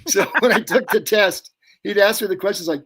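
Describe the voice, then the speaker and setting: Here the same kind of guest, an older pyrotechnic technician, spins rambling anecdotes on a podcast, imitating the people in his tales. His voice sits high with a fairly bright tone, and he speaks at a moderate pace.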